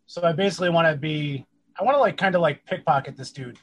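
A man's voice: on the high side, fast, a little hiss or hum, poor audio. Hesitant man playing a tabletop game. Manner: rambling, hesitant. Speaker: player. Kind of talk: casual game chat.

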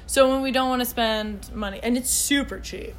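Woman, 30s, casual podcast chat, gushing, bubbly, fairly high voice. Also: normal speed, slight background noise. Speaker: podcast co-host.

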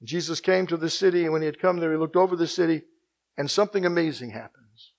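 A man preaching a sermon, swinging between hushed, slow passages and loud, emphatic ones, and repeating phrases for emphasis. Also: on the high side, vocal fry, rough recording.

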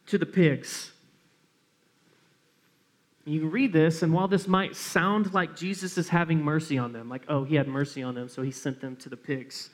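A pastor preaching a sermon, earnest and emphatic, repeating phrases to drive points home. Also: male voice, sits high.

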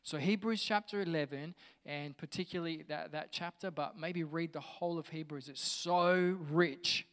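A man's voice: fairly high pitch, normal speed, few pauses, fairly bright tone, big-room sound. A man pastor giving a conversational, enthusiastic sermon to his church.

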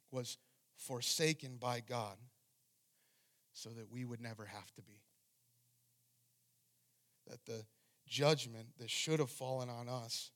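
A man's voice: mid-range voice, a bit bright. A man preaching a sermon as pastor, reading scripture and speaking with fervent emphasis.

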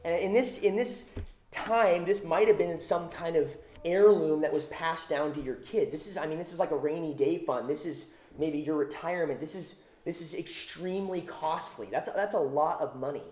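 A man's voice: a little high, moderate pace, darkish tone, roomy sound. A man preaching a sermon, emphatic, repeating phrases for stress. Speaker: pastor.

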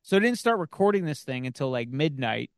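A man's voice: medium pitch, sing-song, fairly quick, smooth, no room sound, clean studio sound. A man hosting a podcast, telling a story in a rambling, casual way with lots of fillers and restarts. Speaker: podcast host. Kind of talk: casual chat.

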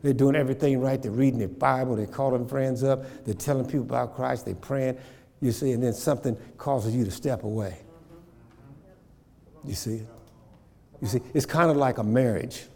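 A man's voice: medium pitch, fairly even intonation, normal speed, creaky, dark tone, long reverb tail. A man preaching a sermon, repeating phrases and checking in with his congregation. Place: church.

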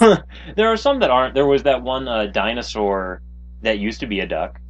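A man co-hosting a podcast, chatting casually about a cartoon, lively and hesitant with fillers. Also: mid-range voice, normal speed, lo-fi sound. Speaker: podcast co-host. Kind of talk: casual chat reviewing a cartoon.

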